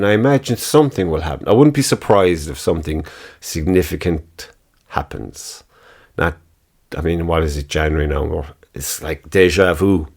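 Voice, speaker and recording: A man's voice: low-pitched, darkish tone. A man hosting his own podcast in casual solo chat, rambling, swearing freely and laughing at his own remarks. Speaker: podcast host.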